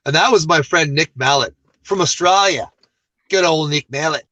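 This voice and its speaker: Animated man telling his story in a dry room. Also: fairly high pitch, normal speed, dry recording. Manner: animated, self-deprecating storyteller. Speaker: guest. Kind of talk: casual interview storytelling.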